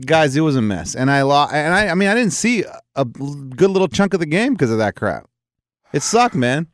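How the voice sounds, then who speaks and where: A man's voice: a little high, very animated, normal speed, no echo, clean studio sound. A man co-hosting a talk show, telling a story in casual banter and acting out the people in it.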